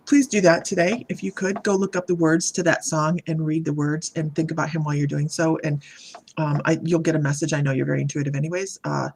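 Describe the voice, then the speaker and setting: Gravelly-voiced woman giving a psychic reading. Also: sits low, darkish tone, slight background noise. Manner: halting, meandering, reads out viewer comments and greets viewers by name. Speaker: psychic medium. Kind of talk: live-streamed psychic reading.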